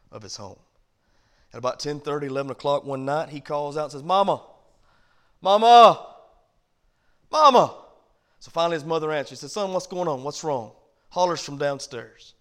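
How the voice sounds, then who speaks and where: A man, a pastor, teaching a Bible study in a conversational preaching style that rises loud and drops soft. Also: mid-range voice. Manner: conversational preaching with big swings in loudness. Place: church.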